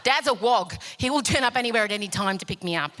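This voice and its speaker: A young woman co-hosting a live podcast show, telling animated, sweary stories on stage. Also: on the high side, fast talker. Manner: animated storytelling, swears freely. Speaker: podcast co-host.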